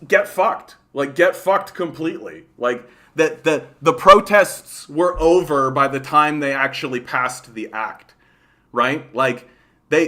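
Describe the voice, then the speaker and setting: A man's voice: a little high, pushed and bright. A Canadian man hosting a livestream, ranting casually and profanely, with constant "like" and "right?". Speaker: livestream host. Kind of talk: casual political rant.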